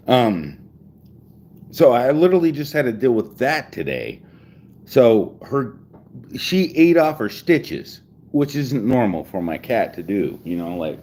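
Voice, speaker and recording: A vlogger in his forties talks casually at home in a lowish, darkish voice, rambling profanely with lots of swearing and frequent restarts. There is slight background noise.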